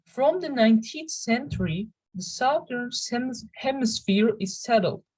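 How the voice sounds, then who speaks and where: Slow, careful young woman presenting. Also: fairly high pitch, animated, darkish tone, husky, poor audio. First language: Turkish. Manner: careful, halting delivery with restarts. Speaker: student presenter. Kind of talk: reading a class presentation.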